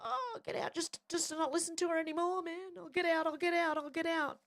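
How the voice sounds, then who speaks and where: A woman's voice: very high-pitched, a little fast, a bit bright, voice pushed up. A woman doing a fed-up grumbling man. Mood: exasperated.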